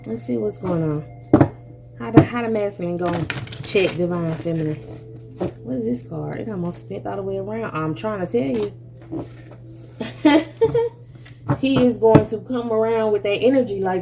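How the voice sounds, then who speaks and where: A woman giving a casual tarot reading, animated and chatty, who laughs often, swears freely and calls the listener baby and honey. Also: a little high, normal speed, music in the background. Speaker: tarot reader.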